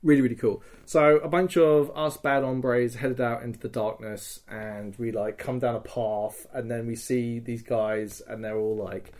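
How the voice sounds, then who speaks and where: A man in a casual podcast chat, telling a long, rambling story full of "like" and "um". He slips into quick snatches of dialogue as he goes. His voice sits at an ordinary middle pitch. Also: fairly even intonation, darkish tone. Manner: rambling storyteller, acts out dialogue, lots of fillers. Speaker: podcast host. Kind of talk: casual recap of a role-play weekend.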